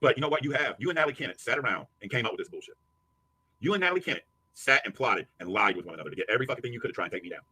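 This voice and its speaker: A man shouting a profane, angry livestream rant, hurling insults at a rival. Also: medium pitch, animated, very fast, breathy edge. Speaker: YouTube streamer.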